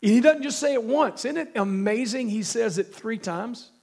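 A man's voice: very high-pitched, normal speed, vocal fry, darkish tone. A male pastor with a cold preaching a sermon, emphatic and asking the congregation questions. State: has a cold.

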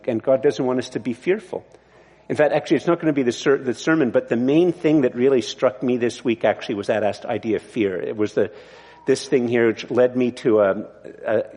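A man's voice: mid-range voice, a little mellow, in a large hall. A male pastor giving a sermon in a conversational, digressive way, often restarting his sentences. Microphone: mic on the body.

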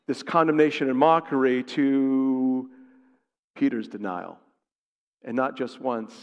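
A man preaching a sermon, who acts out the lines he quotes with big swings in pitch and volume. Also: in a large hall.

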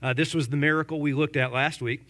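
Talking fast with a slightly high voice, this male pastor delivers a lively, conversational sermon. Rhetorical questions and joking asides to the congregation come in quick succession.

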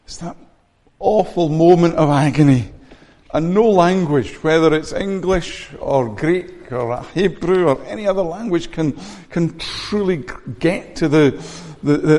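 A man delivers a sermon in a slightly high voice, earnest and measured, often doubling back on his words. His voice rings out with a long reverb in a church hall. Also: warm tone. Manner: earnest, measured preaching with frequent repeated words. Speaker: pastor.

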